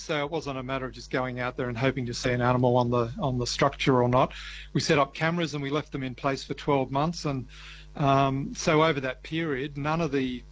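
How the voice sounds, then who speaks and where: A man, a wildlife ecologist, explaining his research in a radio interview, measured and hesitant with many restarts. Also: mid-range voice, lo-fi sound, slight background noise.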